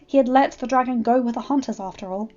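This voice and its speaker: Higher-voiced woman reading a story. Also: fast talker, warm tone. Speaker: fan fiction reader. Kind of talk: storybook narration. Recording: slightly muffled, faint background music.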